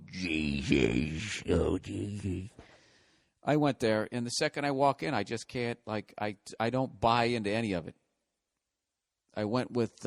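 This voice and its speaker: A man's voice: medium pitch, fairly bright tone. A male comedian in a profane, exasperated comedic rant.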